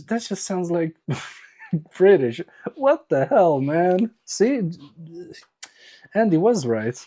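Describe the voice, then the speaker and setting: A man's voice: high-pitched, big pitch swings, extremely slow, long pauses, warm tone. A man chatting casually on a live stream while repairing electronics, joking and teasing his viewers in a self-mocking way.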